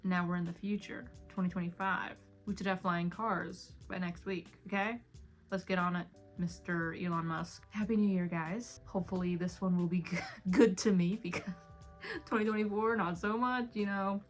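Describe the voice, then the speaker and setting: A woman's voice: lowish voice, fairly even intonation, moderate pace. Woman, twenties, casual vlog, rambling, self-deprecating, feeling unwell, faint background music. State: unwell with a headache. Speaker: YouTuber. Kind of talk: casual story time vlog.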